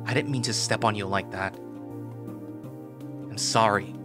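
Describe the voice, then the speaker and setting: A man voicing a huge, gruff male dinosaur fighting champion, grumbling in a low, urgent tone. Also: fairly even intonation, measured pace, close to an everyday voice. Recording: voice over loud background music.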